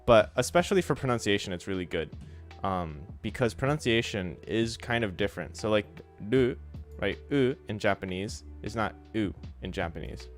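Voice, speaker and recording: A relaxed man with a fairly low voice hosts a casual study stream, chatting loosely and full of "like"s while he sounds out Japanese words to show pronunciation. Soft music plays faintly underneath. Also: moderate pace, few pauses. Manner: frequent fillers like "like" and "so". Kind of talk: casual instructional livestream.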